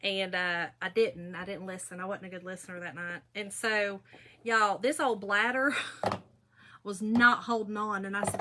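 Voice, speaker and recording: A woman's voice: medium pitch, steady tone, measured pace, background noise. A middle-aged woman, chatting and telling stories to viewers while crafting. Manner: chatty, gossipy storytelling, addresses viewers. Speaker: craft video host. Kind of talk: casual chat while crafting.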